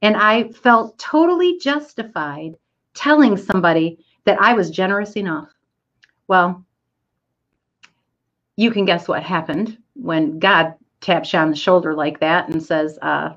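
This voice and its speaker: A woman's voice: lowish voice, measured pace, fairly bright tone, dull audio. Self-deprecating woman telling a story. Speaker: speaker to an online audience. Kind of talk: inspirational storytelling talk.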